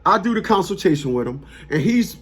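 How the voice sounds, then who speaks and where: A man's voice: sits high, sing-song, fairly quick. A man giving blunt, mocking commentary to his viewers as a family court consultant. He repeats himself and talks casually. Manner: blunt, mocking, repetitive, street talk.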